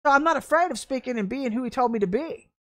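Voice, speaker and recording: A woman ministry leader preaching an online sermon, fervent and emphatic, with blunt, folksy talk and bursts of excitement. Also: high-pitched, fast.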